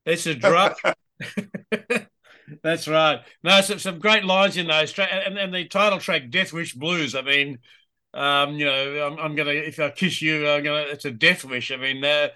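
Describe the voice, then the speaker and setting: A man's voice: a little high, steady tone, a little slow, pushed and bright. A man hosting a music interview, eager and hesitant with frequent ums. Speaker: interviewer host. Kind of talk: casual interview chat.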